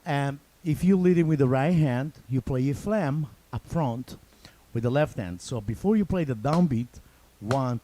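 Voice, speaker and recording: Man, Italian accent, slow unhurried talk, mellow tone, casual drum lesson. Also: fairly high pitch, a little hiss or hum. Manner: relaxed, chatty, loose phrasing with repeats. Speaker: drum teacher.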